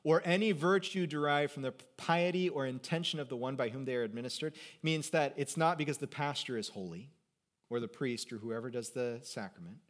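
A male pastor with a mid-range voice preaches fairly quickly and with plenty of energy. He moves between loud, emphatic lines and quiet asides, joking with those listening.

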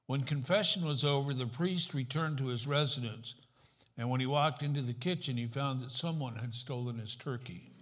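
A man's voice: mid-range voice, normal speed, a bit bright. A man as guest pastor giving a sermon in a church, conversational, putting questions to the congregation, with light self-deprecating humor. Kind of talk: sermon with a joke opener.

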